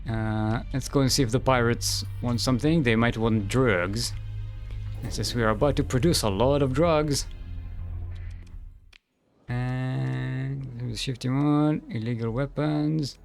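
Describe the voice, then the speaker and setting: Guy streaming a game, thinking out loud, mid pitch, humming bits, soft music in the back. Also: slow pace, creaky. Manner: thinks aloud, hums and mutters to himself. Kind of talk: casual gameplay commentary.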